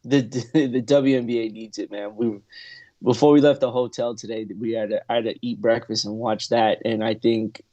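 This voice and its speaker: Casting: male sports-talk co-host, mid-pitched voice, teasing and questioning. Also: steady tone, normal speed, mellow, muffled recording. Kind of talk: casual banter.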